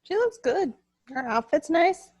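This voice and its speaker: A woman co-hosting a casual wrestling podcast, relaxed, mostly giving short replies and agreeing. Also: very high voice, unhurried, no room sound, muffled recording. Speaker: podcast co-host.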